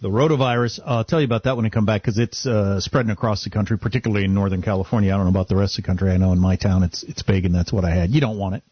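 A man co-hosting a radio talk show, wry and animated in casual conversation. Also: on the low side, rapid-fire, few pauses, husky, dry recording, highs cut off. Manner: wry, animated, restarts a lot.

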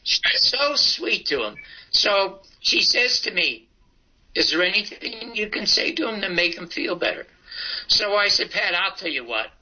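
A man's voice: high voice, sing-song, normal speed, pushed and bright. A man in his eighties, a comedian and talk show host, telling a long story and acting out both sides of the dialogue. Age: 80s. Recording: dull lo-fi broadcast audio.

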